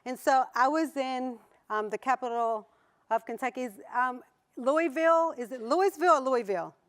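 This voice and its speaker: A woman's voice: sits high, moderate pace. A woman with a Southern US accent giving a motivational conference talk to an audience, playful, laughing often and putting questions to the crowd. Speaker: conference keynote speaker. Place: conference hall before an audience.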